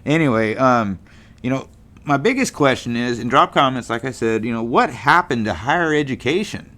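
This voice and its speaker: A man's voice: mid-range voice, expressive, moderate pace, pushed and bright. A middle-aged man from California hosting a casual monologue show, rambling in a folksy way with lots of fillers and restarts. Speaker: podcast host.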